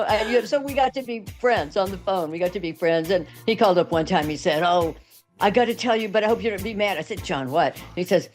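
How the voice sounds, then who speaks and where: An older woman from Texas, an actress telling lively anecdotes in an interview and acting out the people she quotes. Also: on the low side, fast talker, faint music behind. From Texas, USA. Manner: animated anecdotes with quoted voices. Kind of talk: interview storytelling.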